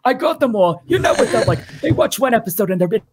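Squealy over-excited lady, a guy doing the voice, way up high and loud. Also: quick pace, slight background noise. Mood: giddy.

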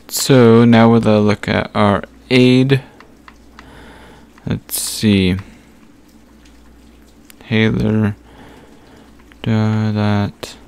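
A man giving casual gameplay commentary, thinking aloud as he sorts through items with frequent pauses and fillers. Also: fairly low pitch, gravelly, darkish tone, clear, resonant tone. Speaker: gaming channel host.

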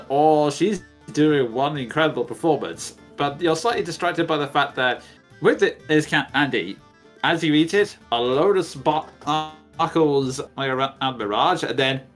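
A man narrating as game master, halting and often restarting his words. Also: on the high side.

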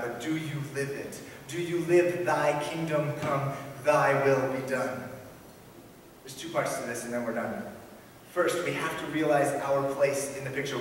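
A man's voice: mid-range voice, noisy background. Preacher man in an echoey church. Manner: storytelling preacher, drops to a hush for suspense. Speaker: pastor. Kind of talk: sermon. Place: church sanctuary. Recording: echoey church hall, mic at a distance.

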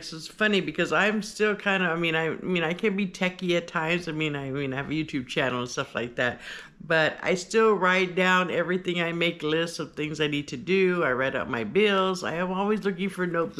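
A woman's voice: lowish voice, fairly bright tone. A woman vlogger chatting casually as she unboxes gifts, gushing and rambling with lots of fillers.

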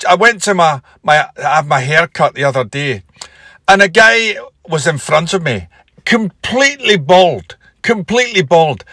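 A man doing an impression of a comedian, telling rambling anecdotes with deadpan punchlines. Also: high voice, no room sound, clean studio sound, exaggerated voice. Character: comedian from Glasgow impression, man, easygoing storyteller. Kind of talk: comic impression interview.

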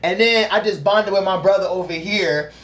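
A man's voice: high-pitched, normal speed, background noise. A man hosting a podcast in casual chat, loose and slangy, talking with enthusiasm. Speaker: podcast host.

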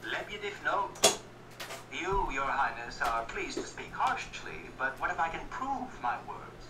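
A man's voice: on the high side, big pitch swings, a little slow, voice pushed up. A man voicing an obsequious, gossipy official who talks in an eager, ingratiating, sometimes stammering way. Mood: fawning. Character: fawning obsequious male official, gossipy know-it-all. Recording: roomy echo, distant mic, music behind.

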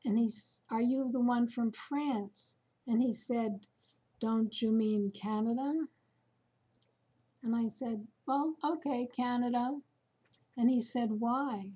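Slow-talking woman, mellow voice. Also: on the high side, steady tone, breathy edge. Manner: slow, chatty storytelling with fillers. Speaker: vlogger. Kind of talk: casual chat to camera.

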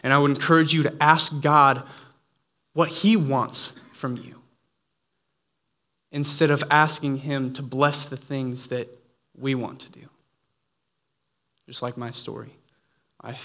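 A man's voice: medium pitch, level tone, unhurried, long pauses, sharp tone. Earnest man preaching a casual sermon. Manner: earnest, conversational, with playful asides.

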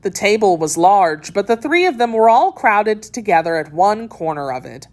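Lively woman reading a storybook. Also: medium pitch, normal speed. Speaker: narrator. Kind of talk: storybook read-aloud.

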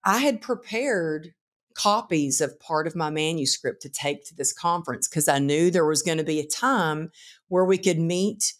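A woman guest author telling a personal story in casual conversation, animated and acting out the voices of people in it. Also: sits low, moderate pace. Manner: animated, acts out quotes in the story.

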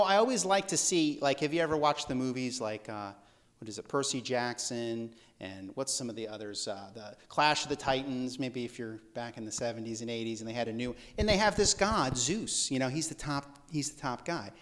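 A man preaching a casual, conversational sermon in a church service, with joking asides and restarts. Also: mid-range voice. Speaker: pastor.

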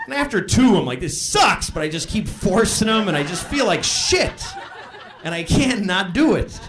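A man in his thirties performing live stand-up comedy on a club stage, deadpan and self-mocking, with a lot of swearing. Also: high voice, moderate pace. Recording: live club recording with crowd laughter.

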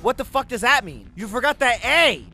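Male gameplay commentator, high and lively, swears nonstop, sarcastic, yells at the game. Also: moderate pace, soft background music. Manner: sarcastic, excitable, swears constantly, erupts into shouts. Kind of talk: profane comedic gameplay commentary.

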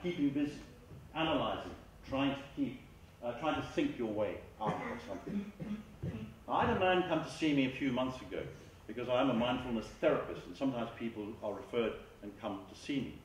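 A man speaking as a mindfulness therapist, giving a measured, earnest lecture and often repeating his words. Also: medium pitch, animated, slight background noise. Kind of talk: reflective public lecture. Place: large school hall. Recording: echoey hall, far from the mic, faint ambience.

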